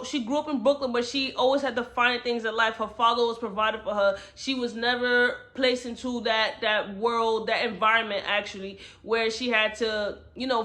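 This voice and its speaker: A woman talks through a book she loved in a loose, chatty retelling, peppered with slang and quick asides to the viewer. Her voice is bright and forward, with a clear edge to it. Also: fairly high pitch. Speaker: book reviewer. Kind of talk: casual book review recap.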